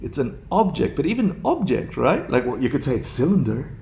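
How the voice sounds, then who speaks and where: A man's voice: medium pitch, very animated, brisk, creaky, darkish tone, slight background noise. A man teaching a dharma class to a room of students, playful, laughing often and putting questions to them.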